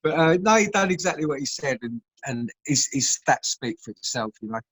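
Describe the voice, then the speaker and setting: A man's voice: mid-range voice, animated, a little fast, fairly bright tone, breathy edge, rough recording. A man, a former footballer telling stories in casual chat, laughing often, over a video call. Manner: chatty storyteller, laughs often.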